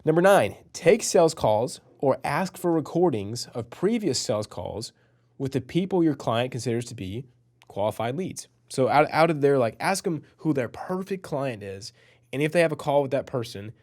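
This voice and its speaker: A man's voice: medium pitch, expressive, moderate pace, a little mellow. Earnest young man teaching copywriting. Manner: earnest, motivational, filler-heavy. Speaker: copywriting course instructor. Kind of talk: casual teaching to camera.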